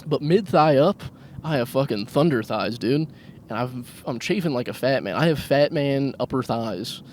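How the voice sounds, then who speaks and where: A man's voice: medium pitch, lively intonation, normal speed, darkish tone, a little hiss or hum. Crude self-mocking man rambling in a car. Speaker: podcast host. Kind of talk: solo comedic rambling podcast. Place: car, driving. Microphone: handheld microphone.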